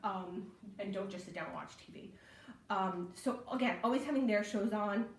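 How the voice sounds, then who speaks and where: A woman's voice: medium pitch, moderate pace, distant mic. A young woman giving a casual online class on babysitting, chatty with lots of ums and a habit of asking "right?". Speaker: library program instructor. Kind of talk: casual teaching talk. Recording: echoey room.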